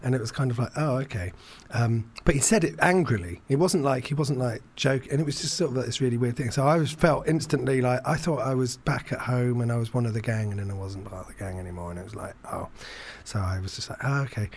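A man's voice: medium pitch, darkish tone. Rambling, self-deprecating man telling a story. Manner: self-deprecating, halting with many fillers and restarts. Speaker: podcast guest storyteller. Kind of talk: casual chat, rambling anecdote.

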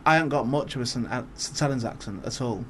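Fast-talking northern English man. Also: mid-range voice, slight background noise. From Northwest England. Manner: rambling, self-interrupting, laughs often. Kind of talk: casual chat.

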